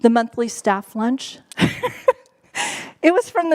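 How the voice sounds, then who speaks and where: Woman, fairly high voice, casual sermon, playful and chatty, laughs a lot. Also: animated, takes it slowly, darkish tone. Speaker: church staff member preaching. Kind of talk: casual sermon to a live congregation.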